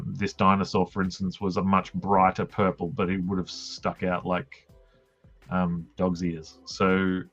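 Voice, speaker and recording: A rambling Australian man with a low voice tells a crude, jokey story while he draws on a live stream. The audio is dull and lo-fi, with faint music underneath. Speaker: comic artist streaming. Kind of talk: casual storytelling while drawing.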